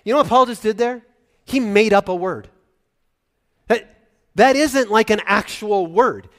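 Middle-aged pastor guy preaching, high voice, goes from loud and excited to quiet and choked up. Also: a little slow. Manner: animated, swings from loud excitement to hushed and choked-up. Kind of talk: sermon.

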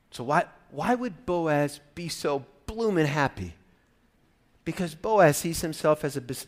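Animated high-voiced male preacher. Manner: animated, swings between soft and loud emphasis. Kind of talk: expository sermon.

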